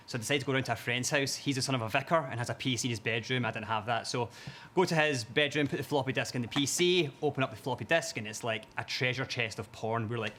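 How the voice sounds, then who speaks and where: A young Glaswegian man from the audience, telling a funny anecdote in a lively way and acting out the voices in it. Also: mid-range voice, fast talker, slight background noise. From Scotland. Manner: lively storytelling, acts out quoted voices. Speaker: audience member telling a story. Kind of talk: comic anecdote.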